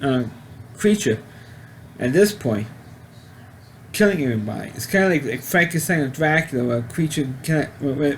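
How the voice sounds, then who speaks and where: Rambling man with a higher voice. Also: slight background noise. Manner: rambling, halting, with frequent restarts. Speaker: film reviewer. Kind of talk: casual spoken movie review.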